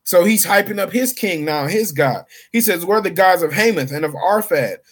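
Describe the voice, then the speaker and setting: A man's voice: high voice, lively intonation, moderate pace, breathy edge. A man reading scripture aloud and paraphrasing it in casual, slangy street talk as a bible teacher. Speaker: street preacher.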